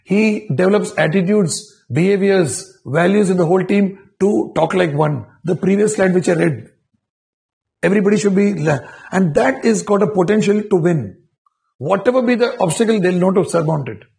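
Male corporate trainer, slightly high and gravelly, lecturing with rhetorical check-ins. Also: normal speed, darkish tone. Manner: repetitive restarts, rhetorical questions.

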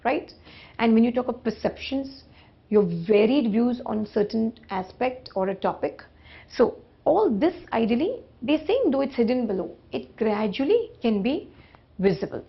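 A woman's voice: a little high, vocal fry. A woman giving a classroom lecture, posing rhetorical questions and checking in with "right?" as she explains. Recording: dull lo-fi recording.

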